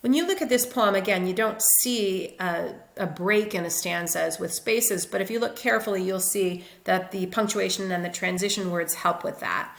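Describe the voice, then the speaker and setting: A woman's voice: mid-range voice, normal speed, creaky, few pauses, echoey room. A woman literature teacher explaining step by step over slides in a recorded lecture. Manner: methodical, explanatory.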